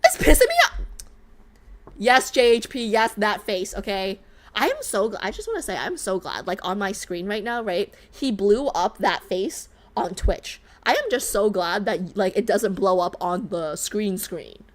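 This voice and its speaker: A woman's voice: mid-range voice, animated, moderate pace. A young woman streamer reacting to a game, ranting animatedly and exasperated, on a desk mic at home.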